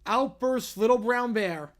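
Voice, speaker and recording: A male livestream host with a high voice reads viewer stories aloud, moving quickly and animatedly and tossing in asides as commentary.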